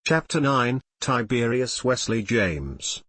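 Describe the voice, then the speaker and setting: A man reads a fan fiction story aloud at an ordinary middle pitch. He keeps every character's lines in much the same voice as the narration. The recording is close and dry, with no room sound. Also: very animated, slow, fairly bright tone, no room sound. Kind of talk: audiobook-style story reading.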